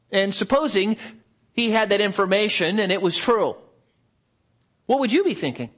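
A pastor preaching a sermon at a church service, explaining earnestly and asking rhetorical questions. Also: male voice, high voice, expressive, a little fast, a bit bright.

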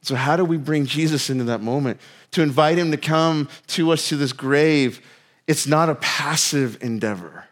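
A pastor preaching a sermon in a casual, storytelling way, with self-mocking humor and lots of filler words. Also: male voice, a little high, normal speed.

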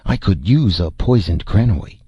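A man's voice: deep voice, lively intonation, a little slow, mellow, slightly rough, dry recording, clean studio sound, exaggerated voice. A man doing a blustering, brutish tribal slaver chief. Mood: gruff. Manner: broken clipped speech, blustering. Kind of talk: audiobook character voice.

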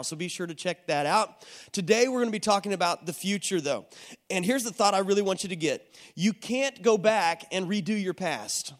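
A man's voice: sits high, long reverb tail. A man preaching a sermon in a conversational way, often asking the audience questions. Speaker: pastor.

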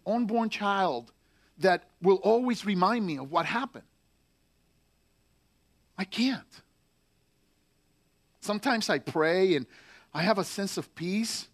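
A man's voice: high-pitched, voice pushed up, heavily acted. A man reading as a heartbroken Marine. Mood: anguished. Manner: bitter, pained, halting. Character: angry, heartbroken young male Marine writing home. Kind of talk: letter read aloud in a sermon.

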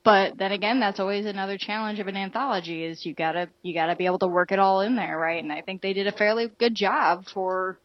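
A woman's voice: mid-range voice, fairly even intonation, quick pace, few pauses, no room sound, lo-fi sound. A woman co-hosting a podcast, chatting casually about movies with a loose, filler-heavy way of talking. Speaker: podcast co-host. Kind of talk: casual movie review chat.

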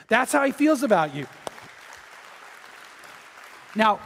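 A man preaches a sermon in a high, bright-pitched voice, acting out the people in his story and calling on his listeners. His voice carries a long reverb from the church hall around him. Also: a little fast, long pauses, a faint crowd. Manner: animated storytelling, acts out quotes, urges the audience. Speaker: pastor.

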